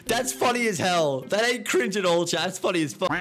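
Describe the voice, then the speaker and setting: A young man live-streaming, reacting excitably to clips, swearing and talking to his chat. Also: high voice, a little fast, over music.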